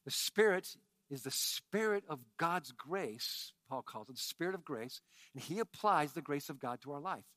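A high-voiced man delivers a sermon, swinging from quiet, hushed phrases up to emphatic shouts. He throws in chatty asides to the congregation, and his bright tone comes through a close, dry recording. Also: animated, moderate pace, dry recording. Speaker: pastor.

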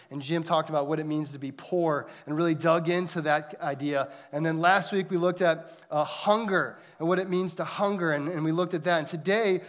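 A man in his thirties preaching a sermon, telling a family story conversationally and swinging between loud and hushed delivery. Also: a little high. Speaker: pastor.

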